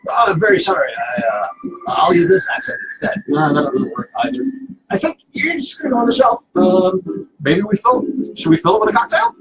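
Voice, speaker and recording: A man's voice: sits high, wildly swooping pitch, fairly quick, muffled recording, noisy background. A man hosting a casual live cocktail stream from home, playful and self-mocking, rambling with fillers. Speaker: cocktail show host.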